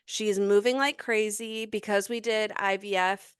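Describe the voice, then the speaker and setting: Chatty pregnant woman, smooth voice. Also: medium pitch, fairly even intonation, measured pace, no echo, studio quality. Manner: chatty, breathless run-on storytelling. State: heavily pregnant. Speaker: podcast co-host. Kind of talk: casual chat.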